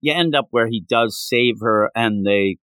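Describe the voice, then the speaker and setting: A man hosting a podcast, recapping a comic in casual, rambling, animated chat with lots of filler words. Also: medium pitch, a little slow, smooth, no room sound. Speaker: podcast host.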